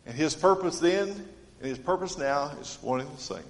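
A man preaching a sermon in an earnest, dynamic way, his voice sitting a little higher than most men's. He moves from ringing appeals down to hushed, low lines. The sound carries a long reverb, as in a church sanctuary. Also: animated, normal speed. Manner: earnest, dynamic delivery swinging from loud to hushed. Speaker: pastor.

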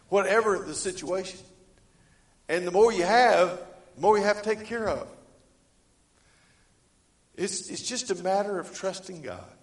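A man preaching a sermon, reading scripture and swinging between loud emphatic lines and quiet ones. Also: roomy sound. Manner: rises to loud emphatic preaching, then drops low; reads scripture aloud in old-fashioned wording. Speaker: pastor.

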